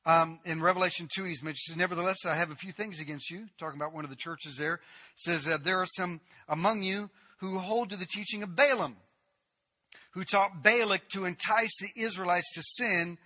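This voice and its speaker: A man preaching a sermon, telling a story with animated storytelling and acting out the quotes as he goes. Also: on the high side. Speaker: pastor.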